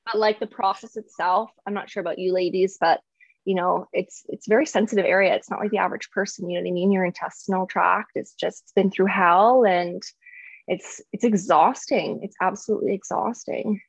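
A woman's voice: mid-range voice, fairly even intonation, brisk, vocal fry, husky, no echo. A woman talking candidly in casual chat, laughing often and full of "like". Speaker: guest. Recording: slightly dull, dry sound.

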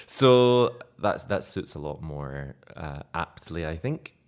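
A man's voice: very deep voice, animated, slow, clean tone. A man with a light Scottish accent, an actor telling amused stories as an interview guest. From Scotland. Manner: amused storytelling, acts out quoted remarks. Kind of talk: anecdotal interview chat.

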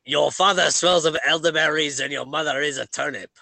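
A man's voice: a little high, a little fast, vocal fry, sharp tone, a little hiss or hum. A man doing an over-the-top French accent as a theatrical, mock-threatening Frenchman. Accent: French (put on).

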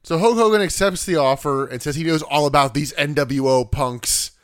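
A man co-hosting a casual podcast, animated and laughing often as he recaps. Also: on the high side, normal speed, clear, resonant tone, no room sound, studio quality. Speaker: podcast co-host. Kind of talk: casual chat recapping wrestling.

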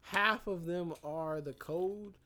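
A man's voice: high-pitched, pushed and bright, slight background noise. A young man co-hosting a podcast, telling stories in profane, joking casual chat. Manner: profane, storytelling, quick comebacks. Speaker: podcast co-host.

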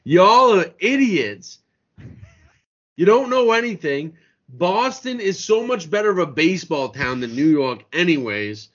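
High-voiced man ranting about sports. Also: sing-song, measured pace, fairly bright tone. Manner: profane ranting, mocking. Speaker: podcast co-host. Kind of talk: heated sports banter. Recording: lo-fi podcast recording.

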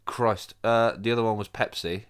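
A man's voice: lowish voice, fairly even intonation, normal speed, clear, resonant tone. A young man bantering in a casual quiz chat, swearing and teasing his friend. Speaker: quiz contestant and co-host.

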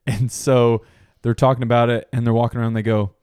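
A man's voice: medium pitch, fast talker, clean tone, no echo, clean studio sound. A man chatting casually about movies with friends, acting out lines from scenes and laughing as he goes. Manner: animated, acts out movie quotes with laughter.

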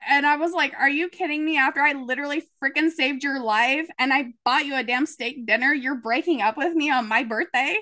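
This podcast host is a woman with a high-pitched voice who talks fairly quickly and barely pauses. Chatting casually, she tells stories animatedly and acts out what people said.

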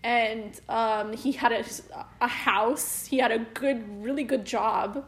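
A young woman co-hosting a casual podcast, relaxed and agreeable, joking along. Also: fairly high pitch, takes it slowly. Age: young adult. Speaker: podcast co-host. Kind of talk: casual chat.

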